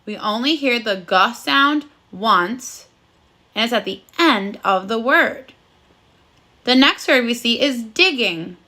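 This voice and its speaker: Teaching phonics to first graders on video, this woman speaks in a high, clear, bright voice at a slow, cheerful pace. She praises the kids in sing-song fashion, her intonation lively throughout.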